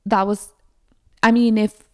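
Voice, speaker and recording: A woman's voice: medium pitch, flat delivery, a little slow. A young woman hosting a podcast, chatting casually with lots of fillers and addressing her listeners directly. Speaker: podcast host. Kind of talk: casual chat.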